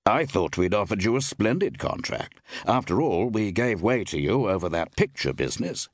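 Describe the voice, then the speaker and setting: A man reading aloud, voicing a composed gentleman who speaks in a measured, politely probing way. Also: lowish voice, sing-song, no echo, clean studio sound.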